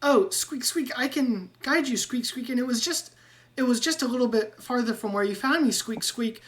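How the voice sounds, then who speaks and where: Woman doing a squeaky little rat guide. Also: moderate pace, lightly acted, rough recording. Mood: eager. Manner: peppers speech with squeaks. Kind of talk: tabletop game character voice.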